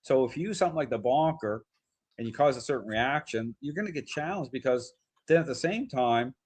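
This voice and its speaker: Guy on a podcast explaining stuff, rambly, lots of um and you know, mid-pitch voice. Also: animated, a little fast. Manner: explaining at length, many fillers and restarts. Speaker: podcast guest talking dog training. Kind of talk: conversational podcast talk.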